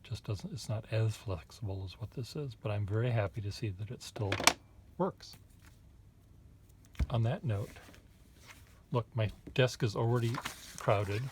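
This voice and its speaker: A man's voice: fairly low pitch, measured pace, long pauses, background noise. A man chatting casually at his desk while drawing, rambling and hesitant, with wry asides to the viewer. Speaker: artist reviewing pens.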